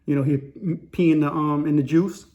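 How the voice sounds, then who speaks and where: A man's voice: a little high, fairly even intonation, normal speed, mellow, dull audio. A man telling a story in a rambling, slangy way, full of fillers. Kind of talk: casual spoken storytelling.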